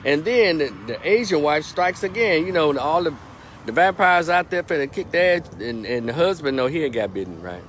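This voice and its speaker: A man's voice: fairly high pitch, normal speed, slight background noise. Middle-aged man rambling through a movie recap. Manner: rambling and animated, retells scenes with profanity. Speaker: movie reviewer. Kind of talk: casual movie review vlog.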